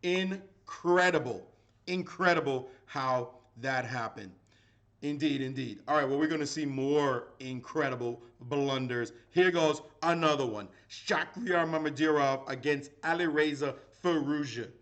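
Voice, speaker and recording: A middle-aged man giving live chess commentary as a grandmaster, animated and playful, with dramatic exclamations. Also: a little high, measured pace.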